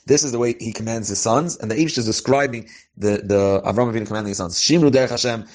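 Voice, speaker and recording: A Torah teacher with a mid-range voice speaks fast as he studies a religious text line by line, mixing Hebrew and English. He pronounces each phrase and then translates and explains it.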